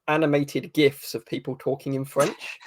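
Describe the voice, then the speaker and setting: A man's voice: mid-range voice, little pitch movement, moderate pace, heavy background noise. A man being interviewed as an author, thoughtful and a bit hesitant, with dry humor. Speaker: author as guest. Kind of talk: casual interview answers.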